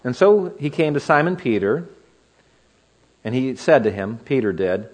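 A man's voice: mid-range voice, sing-song, unhurried. A man preaching an expository sermon, teaching verse by verse and asking the listeners rhetorical questions.

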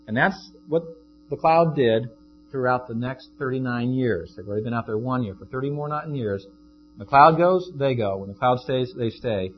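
A male pastor preaching in an easygoing, conversational storytelling manner, with a mid-range voice. The recording sounds dull and lo-fi, with faint guitar behind him. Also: mid-range voice. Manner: conversational, shifts into acted quotes. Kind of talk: sermon.

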